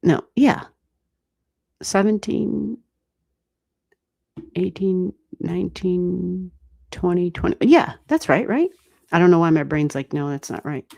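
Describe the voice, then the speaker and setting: An American woman giving astrology readings on a livestream, thinking aloud and chatting with viewers in a relaxed way, with the odd swear word. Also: on the low side, slow, gravelly, pauses often. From United States. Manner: thinks aloud, talks to chat, mild swearing. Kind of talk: casual livestream chat.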